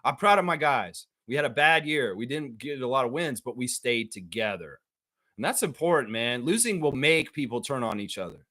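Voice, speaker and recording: A man hosting a casual live sports chat show, excitable, slangy and profane, rambling and talking straight to his audience. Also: medium pitch, moderate pace. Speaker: sports talk show host.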